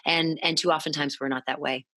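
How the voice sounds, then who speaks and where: A woman podcast guest in her thirties, speaking candidly in a halting way, often restarting and quoting her past self. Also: low voice, steady tone, pushed and bright, no room sound. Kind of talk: candid conversational interview.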